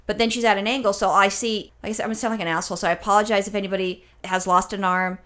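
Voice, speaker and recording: A woman's voice: medium pitch, fairly even intonation, very fast, fairly bright tone. A woman co-hosting a comedy podcast, telling a rambling story and swearing freely.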